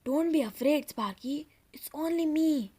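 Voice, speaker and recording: A panicked boy whose voice has dried into an old man's croak pleads and insists it is still him. A woman reads him in an audiobook. The voice sits a little high and sounds shaken rather than gruff. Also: unhurried, dark tone. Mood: pleading, shaken. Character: boy trapped in croaking old-man mask. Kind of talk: audiobook character reading.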